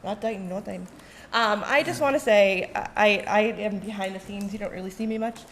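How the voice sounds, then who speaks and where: A woman giving emotional public comment at a town meeting, close to tears and joking between halting fillers. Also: mid-range voice, a little hiss or hum. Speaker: resident speaking at public comment.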